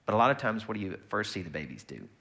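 Bright-voiced, chatty male preacher. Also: on the low side, racing, gravelly. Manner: conversational and lively, acts out quoted voices. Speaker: pastor. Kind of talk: sermon.

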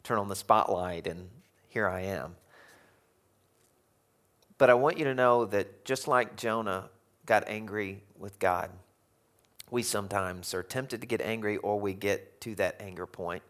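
Low-voiced pastor preaching casually. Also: male voice, measured pace, pauses often. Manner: conversational, animated, chuckles often. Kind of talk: sermon. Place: church sanctuary.

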